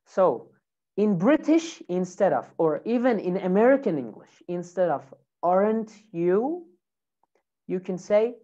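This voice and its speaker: A woman's voice: mid-range voice, big pitch swings, measured pace, warm tone, highs cut off. A woman teaching English pronunciation in a lesson, repeating example words over and over with exaggerated emphasis.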